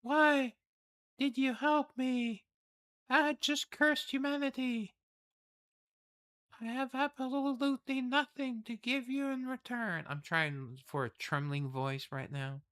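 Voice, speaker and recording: A woman's voice: rumbling low, level tone, a little slow, few pauses, fairly bright tone, clear, resonant tone, no echo. A man voicing a frail, timid young girl who speaks in a trembling voice.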